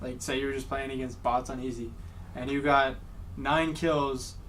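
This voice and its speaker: A man's voice: medium pitch, fairly even intonation, moderate pace, a bit bright, distant mic, a little hiss or hum. Eager man explaining, set back from mic. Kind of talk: casual gaming chat.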